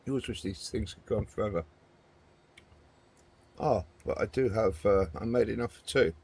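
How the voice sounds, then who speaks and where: A man's voice: on the low side, moderate pace, vocal fry, a little mellow, slightly rough. A man hosting a gaming video, giving casual, rambling commentary and chatting to viewers as he plays.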